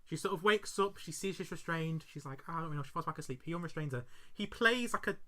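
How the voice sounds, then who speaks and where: A young woman co-hosting a podcast, retelling a story in an animated, giggly, outraged way. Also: fairly low pitch, a little fast. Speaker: podcast co-host. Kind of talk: casual chat, retelling a story.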